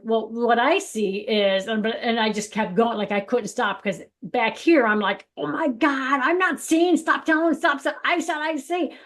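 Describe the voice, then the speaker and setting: A woman co-hosting a spiritual podcast in casual chat, telling stories with lively quoted voices. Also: medium pitch. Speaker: podcast co-host.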